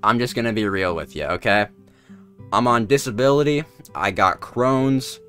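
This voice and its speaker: A man voicing a stoned man who talks slowly, sighs and rambles in non sequiturs. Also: medium pitch, fairly bright tone, soft background music, close to an everyday voice. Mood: dejected. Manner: slow, drawn-out, sighing delivery.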